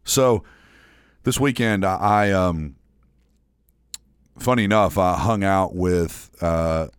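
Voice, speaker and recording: A man's voice: low-pitched, slow, smooth, no room sound, clean studio sound. A man with a slight Southern American drawl telling stories in casual podcast chat, rambling with restarts. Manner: rambling storyteller, many restarts.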